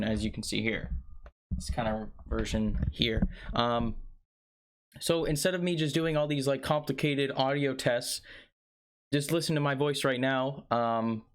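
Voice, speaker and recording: Male tech vlogger, hyped and salesy, casual talk into a desk condenser mic. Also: mid-range voice. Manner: enthusiastic, salesy, addresses viewers as guys. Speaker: tech reviewer. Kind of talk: casual product review. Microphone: condenser USB microphone on desk.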